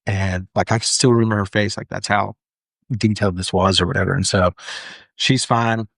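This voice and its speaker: Young adult male, lower register, dry studio sound; earnest interview guest recounting a story. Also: steady tone, moderate pace, vocal fry, fairly bright tone, dry recording. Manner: earnest, frequent "like" fillers and restarts. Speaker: firefighter guest. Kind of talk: candid storytelling in a podcast interview.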